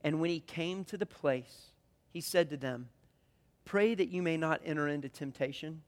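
A man preaching a sermon in a conversational way, swinging between loud emphatic lines and hushed, quiet ones. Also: fairly high pitch, moderate pace, in a large hall. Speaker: pastor.

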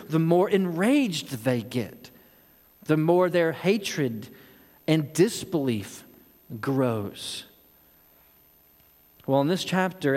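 A man's voice: fairly high pitch, a little mellow. A man preaching a sermon on a Bible passage, asking rhetorical questions and voicing the people in the text. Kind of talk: expository sermon. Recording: long hall reverb.

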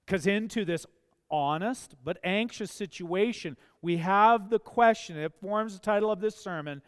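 A pastor delivering a sermon in a high, clear voice that takes its time. He is earnest and leans into emphatic questions. A long reverb from the hall trails each phrase. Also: a little slow.

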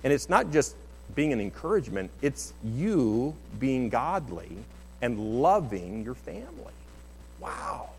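A man's voice: medium pitch, very animated, a little slow, slight background noise. A middle-aged man preaching a sermon as pastor, in an earnest, conversational way with many restarts. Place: church sanctuary. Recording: long hall reverb.

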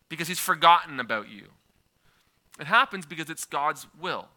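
A man in his thirties delivers a sermon in a lively, conversational manner, weaving in personal stories. His voice sits a bit high and has a very bright, sharp edge. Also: brisk. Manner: conversational, animated, with frequent filler and restarts. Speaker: preacher.

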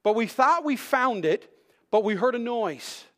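High-voiced animated preacher man. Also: unhurried. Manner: animated storytelling, swings from loud shouts to hushed tones. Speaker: pastor. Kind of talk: sermon with a personal story.

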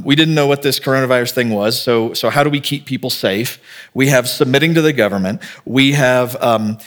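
A male pastor delivers a sermon in a mid-pitched voice. He talks in a loose, conversational way, thinking out loud as he goes and slipping into short acted-out exchanges to illustrate each point. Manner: conversational, thinks aloud, acts out quoted dialogue.

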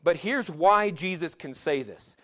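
A male pastor in middle age preaches in a fairly high voice. He talks to the congregation as if chatting, puts question after question to them, and drags out the lines he wants to land. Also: expressive, sharp tone. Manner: conversational preaching with rhetorical questions and slowed emphatic lines. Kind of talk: sermon.

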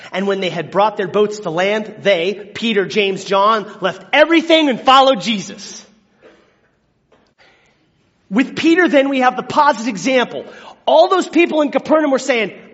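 A man with a high voice preaches a sermon. He talks animatedly, acting out scripture quotes and moving between hushed tones and shouts. The sound is dull and carries a long hall reverb. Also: unhurried, pauses often. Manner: animated, acts out biblical quotes with big swings from hushed to shouting. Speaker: pastor.

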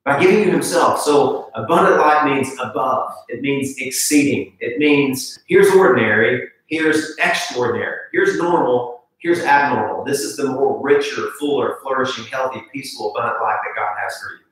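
A man, a pastor, preaching a sermon with a personal story, animated and repeating words when excited. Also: medium pitch, normal speed, few pauses. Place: church sanctuary. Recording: live stream from far in an echoey church.

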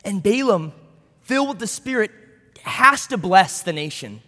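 High-voiced man preaching in a reverberant hall. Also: sing-song, unhurried, pushed and bright. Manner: conversational, with storytelling asides. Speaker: pastor. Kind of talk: sermon.

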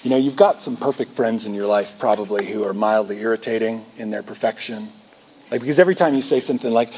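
A man preaching a sermon, animated and conversational, acting out quoted voices to make his points. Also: mid-range voice, fairly quick, slight background noise. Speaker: pastor.

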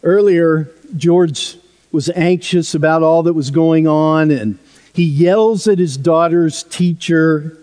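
A male pastor preaching a sermon in a church, telling a story in a conversational way that drops softly at times. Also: fairly high pitch, slow pace, smooth. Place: church sanctuary. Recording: long hall reverb.

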